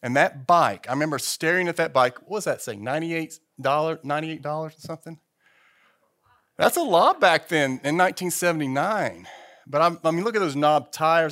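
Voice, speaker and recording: Man, 50s, pastor, conversational sermon, restarts, church. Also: on the high side. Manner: conversational, animated, with repeated restarts.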